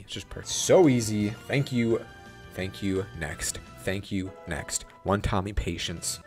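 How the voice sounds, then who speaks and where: A young man hosting a gaming channel, giving excited, playful let's-play commentary and talking to the game. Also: on the low side. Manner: hyped, playful, talks to the game.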